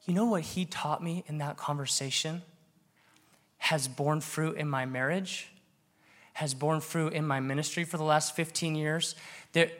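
A man's voice: a little high, fairly bright tone. A man in his thirties preaching a sermon, earnest and building to emphatic exhortation. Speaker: pastor.

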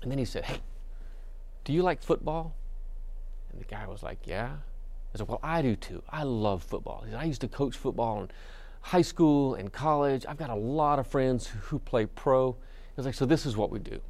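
Male preacher, gravelly, relaxed conversational sermon delivery with frequent fillers. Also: mid-range voice, brisk. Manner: conversational storytelling with many fillers and restarts. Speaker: pastor.

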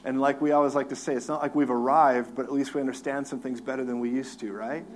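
A man who is a minister, telling his own story on a talk show, lively and laughing, acting out his crying with big swings in voice. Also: medium pitch, quick pace.

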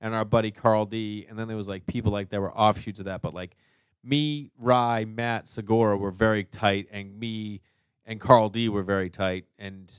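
A man's voice: lowish voice, normal speed, clear, resonant tone, no echo. Boston-accented man telling stories casually. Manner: animated storyteller, swears, lots of "you know what I mean". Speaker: stand-up comic, guest. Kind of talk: casual podcast chat.

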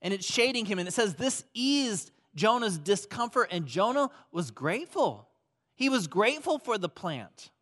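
A man preaching a sermon as pastor, swinging between loud emphasis and hushed, soft passages. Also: high voice, sing-song, normal speed. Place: church auditorium.

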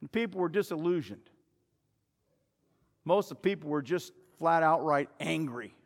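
A high-voiced male pastor delivers a dramatic sermon, acting out crowd voices and pressing his listeners with rhetorical questions. His voice carries a long echo through a church sanctuary. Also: lively intonation, normal speed.

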